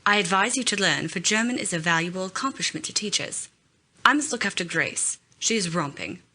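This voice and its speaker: Snooty young english lady in a storybook, read by a woman, patronizing, bright voice. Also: lowish voice, normal speed. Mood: condescending. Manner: patronizing, haughty.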